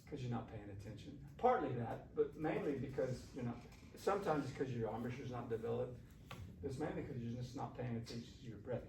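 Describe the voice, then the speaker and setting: This medium-pitched, dark-toned male voice belongs to a shakuhachi teacher leading a classroom workshop. He's chatty and encouraging, asking the group questions as he goes. The mic sits far away in the echoey room, picking up faint hiss.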